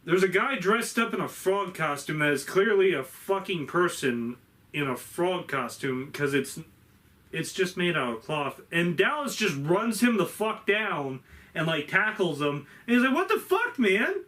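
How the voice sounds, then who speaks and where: A man's voice: a little high, lively intonation, unhurried, sharp tone. Profane rambling man retelling a movie. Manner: rambling and profane, acts out lines from the film. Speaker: movie reviewer. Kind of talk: casual spoiler review chat.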